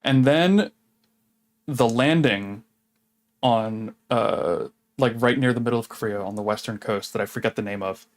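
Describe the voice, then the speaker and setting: A man streaming a game, chatting in a relaxed, rambling way and swearing casually. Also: medium pitch, measured pace, poor audio. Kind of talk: casual chat while gaming.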